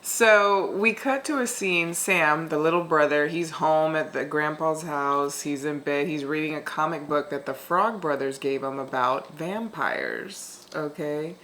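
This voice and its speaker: A woman co-hosting a podcast, casually walking through a film's story scene by scene. She swears freely as she talks. Her voice is low. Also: a little slow, hardly any pauses, a bit bright, a little hiss or hum. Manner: summarizes the plot, swears freely. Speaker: podcast co-host. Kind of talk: casual chat.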